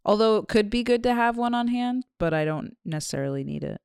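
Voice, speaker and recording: Young adult woman, podcast co-host, teasing, smooth clear voice, dry sound. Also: on the high side, lively intonation, fast talker, a little mellow, no echo. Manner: laughs easily, teasing. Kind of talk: casual chat.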